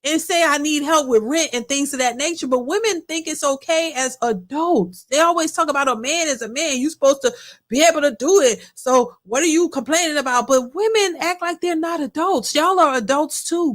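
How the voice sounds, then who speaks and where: A woman's voice: sits high, normal speed, a bit bright. A woman hosting a live reaction stream, talking emphatically and often repeating herself while addressing her chat. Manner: emphatic, repetitive, talks to chat. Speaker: reaction channel host. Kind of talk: casual live reaction commentary.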